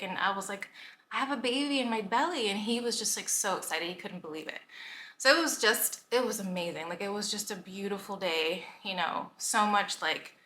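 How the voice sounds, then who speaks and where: In an echoey room with faint background noise, a thirtysomething woman who coaches health and vlogs talks casually in a pregnancy vlog. Her voice is lowish with a sharp edge, she sounds emotional and slightly breathless, and she says "like" a lot.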